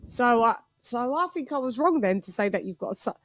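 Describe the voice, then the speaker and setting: A woman hosting a casual chat, teasing her guest in quick back-and-forth. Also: a little high, animated, no room sound. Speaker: host.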